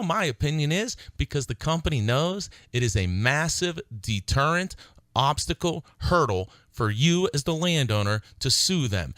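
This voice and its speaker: A man's voice: on the high side, sharp tone, dry recording. A man hosting a legal advice radio show, talking in an emphatic, fired-up way and repeating points for stress. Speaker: radio show host and attorney. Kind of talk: call-in style legal advice radio talk.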